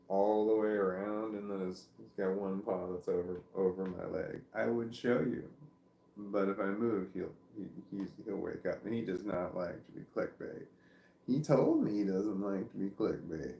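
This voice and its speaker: Sitting at home with his dog across his legs, a vlogger chats to livestream viewers about the dog in a meandering way, cutting himself off often. His voice is low, gravelly and warm, captured by a phone or camera on a stand in an echoey room.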